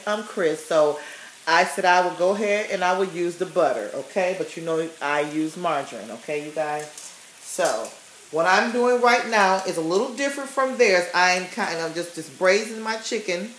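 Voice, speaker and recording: A woman's voice: on the low side, lively intonation, moderate pace, a bit bright, a little hiss or hum. A woman chatting casually through a home cooking demonstration in her kitchen, often checking in with her viewers with "okay?". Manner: chatty, tags sentences with "okay?" and "you guys". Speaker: home cook vlogger. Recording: roomy kitchen with faint sizzle. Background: pan sizzling.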